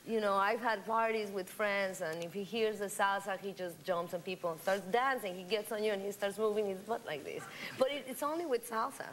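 A woman with a Mexican accent, a talk show guest, chatting casually and telling a joke with lively character voices. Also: mid-range voice, fairly quick, few pauses, slight background noise. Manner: laughing, animated storytelling with voiced characters. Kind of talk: casual chat. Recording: 1990s-2000s VHS TV broadcast, studio audience.

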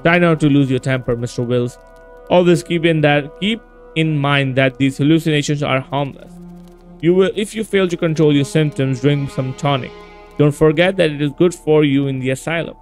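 A man voicing a calm male asylum doctor in a video game, reading his lines in a measured, soothing way. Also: fairly high pitch, faint music behind, natural voice. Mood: reassuring.

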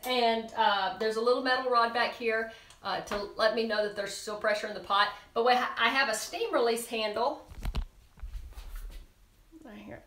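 High-voiced bubbly woman cooking live. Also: moderate pace, a bit bright, echoey room, a little hiss or hum. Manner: chatty and bubbly, talks to viewers. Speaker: cooking show host.

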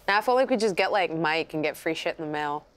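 A woman from Southern California chatting casually while painting miniatures, animated and swearing freely. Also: deep voice, quick pace, clear, resonant tone. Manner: animated, swears freely, acts out quoted voices.

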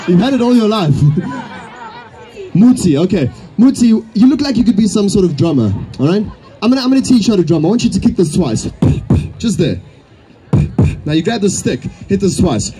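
A man's voice: sits high, warm tone, slight background noise. A man performing as a beatboxer, bantering playfully and teasingly with a live crowd. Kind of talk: live stage patter with crowd.

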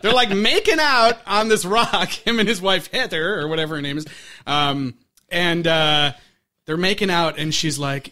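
A man with a high, bright voice tells a movie story on a podcast, casual and full of laughter. He acts out the quoted lines with animated energy. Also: normal speed. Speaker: podcast co-host. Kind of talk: casual chat about movies.

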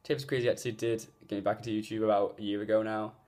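A man's voice: on the low side, little pitch movement, racing, darkish tone. A man talking casually to camera in a vlog, rambling and earnest with lots of fillers, recorded on a phone. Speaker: gaming YouTuber. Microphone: phone mic.

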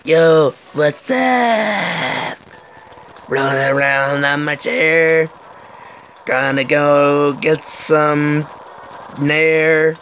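A man putting on a laid-back, goofy dude voice with a slow drawl. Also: a little high, a bit bright, slight background noise, full character voice.

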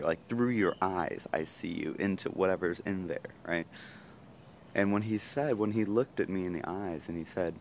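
A man talking casually to his camera, rambling fast with many fillers and asides. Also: low-pitched, a little hiss or hum. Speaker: vlogger. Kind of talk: casual reflective monologue.

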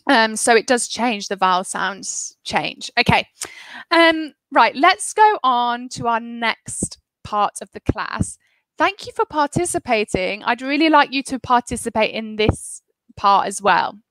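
A woman teaching a live online English class, praising students and explaining pronunciation clearly and encouragingly. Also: a little high, expressive, a little slow, fairly bright tone, dry recording, poor audio.

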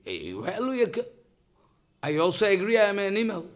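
Older bengali guy preaching in broken english, kinda high voice, keeps repeating lines for emphasis. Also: wildly swooping pitch, fairly quick. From India. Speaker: spiritual teacher. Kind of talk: devotional lecture.

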